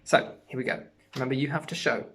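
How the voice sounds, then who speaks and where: A primary school music teacher giving an online lesson to young children, speaking gently and encouragingly. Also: medium pitch, steady tone, quick pace, a little hiss or hum.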